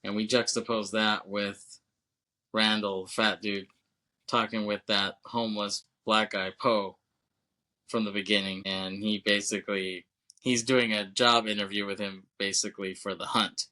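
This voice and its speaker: A man on a podcast mic talks through a film in a loose, chatty recap. His voice sits a little low yet has a bright, forward edge. He keeps slipping into quick quoted lines between laughs. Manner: animated retelling with quick character quotes and laughs. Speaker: podcast co-host. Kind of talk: casual movie recap.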